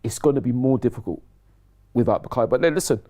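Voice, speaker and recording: A man talking football on a casual chat show, excitable and repeating himself, laughing often. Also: medium pitch, quick pace. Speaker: pundit.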